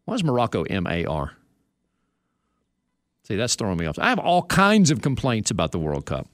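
A man's voice: on the low side, wildly swooping pitch, normal speed, no room sound, studio quality. A man hosting a sports radio show, reading news items and chatting with asides.

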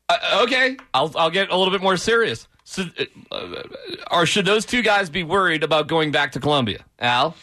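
A man hosting a casual sports talk show, joking and animated. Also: high voice, normal speed, no room sound, studio quality. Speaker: podcast host.

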